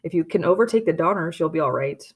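A woman's voice: fairly low pitch, animated, breathy edge. A woman reading the lines of a sober male pioneer giving grave, practical advice. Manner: measured, advising.

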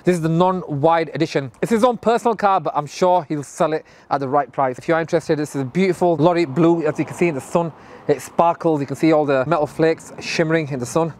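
A man hosting a casual vlog and giving an enthusiastic, rapid rundown of customized cars outside a showroom. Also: fairly high pitch, darkish tone. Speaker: vlogger showing cars. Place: outdoors by a car showroom, then inside. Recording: music playing behind.

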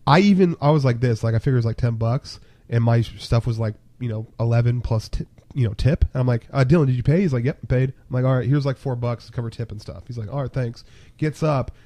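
A man with a warm, dark voice tells his side of a story in relaxed podcast chat. The sound is close and dry, with no room around it. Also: mid-range voice, no echo. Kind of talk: casual storytelling.

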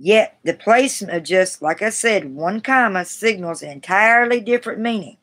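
A woman's voice: medium pitch, animated, a bit bright. Chatty woman reading a grammar book aloud. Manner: halting, restarts words, self-deprecating and chatty. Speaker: writer live-streaming.

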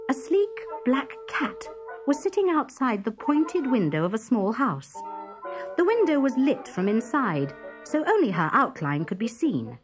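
A woman narrating a children's story in a gentle, expressive storybook manner. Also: fairly high pitch, a little slow. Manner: gentle, expressive read-aloud. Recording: music bed behind.

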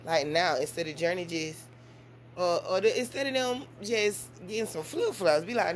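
Mom vlogger, woman, talks straight to camera in loose, animated storytelling. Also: moderate pace, a little hiss or hum. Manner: animated storytelling with big swings in pitch and volume. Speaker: mother and vlogger. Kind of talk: casual vlog chat.

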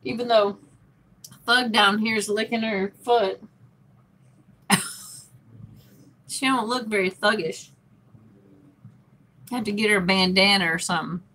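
Slow-talking bright-voiced woman chatting live. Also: mid-range voice, fairly even intonation. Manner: chatty, laughs often, reads comments aloud. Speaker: livestream host reading chat. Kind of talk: casual live chat.

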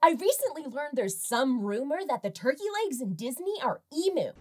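Woman, film review host, sarcastic, high voice, animated delivery. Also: moderate pace, slightly rough. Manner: sarcastic, animated, jokey asides. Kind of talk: comedic scripted review narration.

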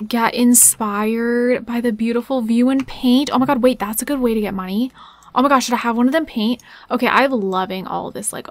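A young woman giving casual, excitable gameplay commentary, talking fast and chatty as she plays. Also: fairly high pitch, no room sound. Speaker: gaming YouTuber.

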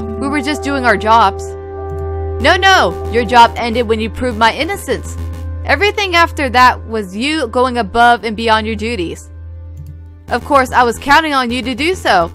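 A woman reading a suave, sly male fox private investigator in a game. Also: fairly high pitch. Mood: gracious.

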